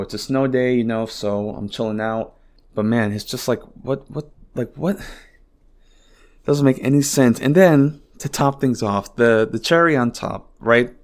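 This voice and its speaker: A man hosting a podcast, talking alone in a rambling, exasperated way with lots of swearing and filler words, from his home. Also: medium pitch. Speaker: podcast host. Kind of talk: casual solo podcast monologue.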